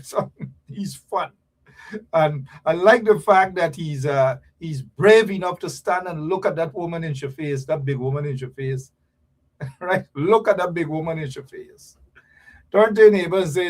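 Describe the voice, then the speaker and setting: A middle-aged Guyanese man hosting his own talk show, voice set a touch higher than most men. He teases his listeners in a loose, preachy monologue, jumping from loud calls to low mumbled asides. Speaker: radio and streaming show host.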